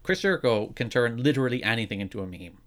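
A man's voice: mid-range voice, expressive, fast talker, fairly bright tone. A man co-hosting a casual wrestling podcast, wry and opinionated. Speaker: podcast co-host.

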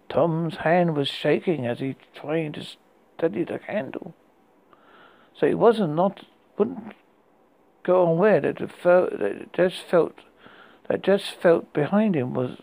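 A man from the UK hosting a horror podcast, narrating a scary story in a halting way with frequent restarts. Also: fairly high pitch, animated, vocal fry, a little mellow, rough recording. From United Kingdom.

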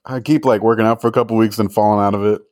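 Young male podcast co-host, relaxed rambling chatter, low pitch, dry booth sound. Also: racing, no echo. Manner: rambling, many "like" fillers, laughs easily. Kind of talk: casual chat.

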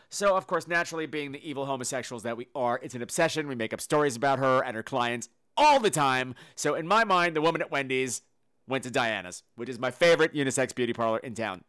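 A man hosting a podcast, telling comedic stories in a campy, animated way with sudden loud exclamations. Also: mid-range voice, fast, smooth. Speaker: podcast host. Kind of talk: casual comedic monologue.

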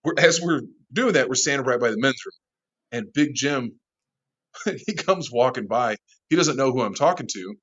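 A lively man spins a wild bar story, laughing through it and cursing freely. His voice sits at an ordinary pitch. The recording is dull and lo-fi. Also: normal speed, breathy edge. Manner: animated, laughing, swearing often. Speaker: interview guest, bar manager. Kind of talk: casual storytelling.

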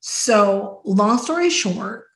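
A woman hosting a podcast, chatting casually and telling stories with lively acted-out quotes. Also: mid-range voice, extremely slow, reverberant, low-quality recording. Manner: animated storyteller, acts out quotes. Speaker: podcast host. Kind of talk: casual chat.

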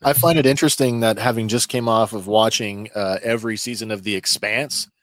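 A man's voice: on the low side, fairly quick, a bit bright, no room sound. A man co-hosting a podcast, chatty and casual, restarting sentences and reacting with jokes. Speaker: podcast co-host. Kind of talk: casual chat.

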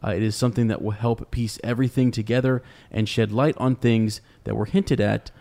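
A man co-hosting a podcast, speaking in a halting way with many ums and uhs. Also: mid-range voice, steady tone, creaky, mellow. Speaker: podcast co-host. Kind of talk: casual podcast chat.

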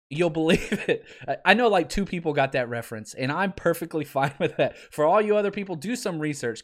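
A man in his thirties hosting a casual sports podcast, wry and exasperated, laughing often as he talks. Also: a little high. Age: 30s.

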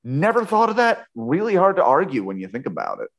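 This male podcast host has a fairly bright, creaky, high-leaning voice whose pitch swoops wildly, and he talks a little fast. He rambles and jokes through a casual book-club chat with a guest.

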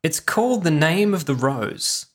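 A man's voice: a little high, expressive, a little slow. A man co-hosting a casual chat, wry and joking, with the odd swear word. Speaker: podcast co-host.

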